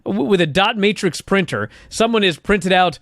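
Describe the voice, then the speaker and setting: High-voiced, swearing male podcast host. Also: expressive, moderate pace, fairly bright tone, dry recording, clean studio sound. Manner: profane, exasperated storytelling. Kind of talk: casual recap chat.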